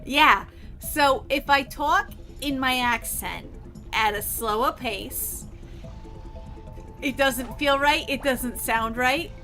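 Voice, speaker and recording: Chatty woman streamer with a bright voice. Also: sits high, takes it slowly. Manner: rambling, chatty, swears freely. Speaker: gaming streamer. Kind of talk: casual chat while playing. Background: faint game music.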